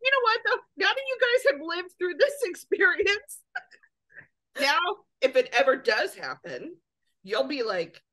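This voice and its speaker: A woman co-hosting a casual chat show, teasing her friend with quick quips and laughter. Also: very high-pitched, sing-song, bright, forceful tone. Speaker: podcast co-host.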